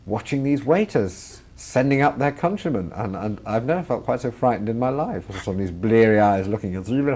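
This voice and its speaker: A man's voice: medium pitch, lively intonation, a little fast, hardly any pauses, darkish tone. A man, a comedian and filmmaker chatting in an interview and laughing through his stories. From England. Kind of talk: interview anecdotes.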